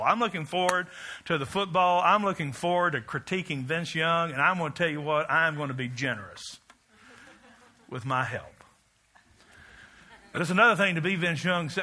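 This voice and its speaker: Pastor guy preaching, bright forceful voice, a bit high, chants with the crowd, cracks jokes. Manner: rousing, rhythmic, leads the congregation in chants; joking asides. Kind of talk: sermon.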